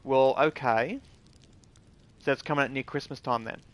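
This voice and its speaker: A man's voice: mid-range voice, moderate pace, fairly bright tone. A man with an Australian accent giving a casual, indignant gaming rant in blunt words with swearing. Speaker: gaming video creator. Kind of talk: casual ranting commentary.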